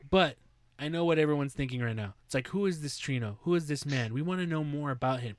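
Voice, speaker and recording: A man's voice: a little high, expressive, quick pace, no room sound. A man hosting a casual podcast, hyped and teasing in tone. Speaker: podcast host.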